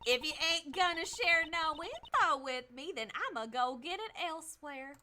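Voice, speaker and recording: Streamer girl doing a loud cocky southern reporter lady, high and bouncy, game music underneath. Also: animated, moderate pace, background noise. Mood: pushy. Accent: American Southern. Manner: pushy, cocky drawl. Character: brash nosy young female reporter.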